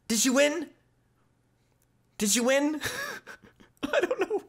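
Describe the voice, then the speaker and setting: Lively high-voiced man shouting over gameplay. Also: slow, pauses often. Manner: animated, shouting and laughing at the game. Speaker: gameplay commentator. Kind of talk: excited gameplay commentary.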